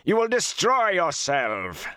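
A man voicing a menacing, scornful male dark lord in a slow, commanding storybook reading. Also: low voice, sing-song, creaky, no echo, studio quality, exaggerated voice. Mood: roaring.

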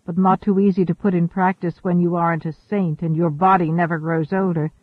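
A man voicing a gentle, wise woman traveler. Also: high voice, flat delivery, a little fast, dry recording. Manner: gentle, reasoning. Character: wise, caring woman, ageless space traveler. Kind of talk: audiobook character reading. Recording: thin phone-like dry audio.

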